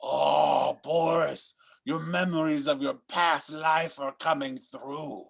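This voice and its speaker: Guy doing a slow gravelly mad doctor, fussy and dramatic, stammers a lot. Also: a little high, fairly even intonation, full character voice. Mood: doting. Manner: melodramatic, bursts into cries, stammers. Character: doting, fussy mad scientist, man. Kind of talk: improv comedy.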